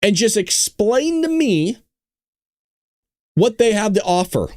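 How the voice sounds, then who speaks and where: A man from California hosting a casual political commentary livestream, talking in an animated, sarcastic way with mock-dumb asides. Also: high-pitched, slow pace, no echo, clean studio sound. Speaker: host of a livestreamed political talk show.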